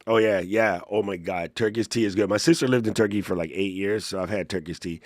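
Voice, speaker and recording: A man hosting a live Q&A stream, playful and joking, chatting to viewers in a slightly hoarse voice. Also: lowish voice, a little fast, no echo, clean studio sound. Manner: playful, joking, laughs often, reads chat aloud. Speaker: livestream Q&A host. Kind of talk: casual live-stream chat.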